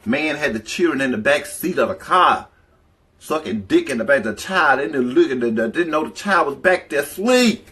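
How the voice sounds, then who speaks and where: A man's voice: a little high, lively intonation, normal speed, fairly bright tone. A man telling candid, profanity-filled stories on a casual livestream, rambling from one tale to the next and breaking off to greet viewers in the chat. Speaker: livestream storyteller.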